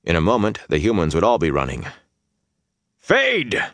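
A man's voice: sits low, lively intonation, fast talker, dry recording, clean studio sound. A man narrating a fantasy audiobook with intense, dynamic storytelling that swells through the battle scenes.

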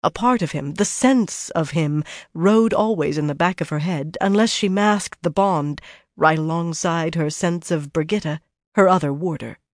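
Fantasy audiobook narrator, steady and measured, mid-pitched, dry close recording. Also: no room sound. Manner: measured, even storytelling.

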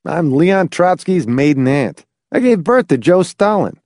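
A man's voice: a little high, very animated, unhurried, darkish tone, no room sound, clean studio sound, voice pushed up. A male narrator voicing a weary, cynical man who mutters sardonically through clenched teeth. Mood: bitter. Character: weary, put-upon man, bitter and cynical.

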